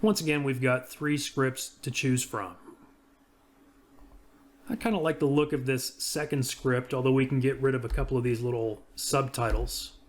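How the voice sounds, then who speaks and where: Brief: everyday male reviewer, mid-pitched, easygoing screen-demo narration. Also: normal speed. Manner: casual, talks through each click. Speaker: software reviewer. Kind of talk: screen-recorded software walkthrough.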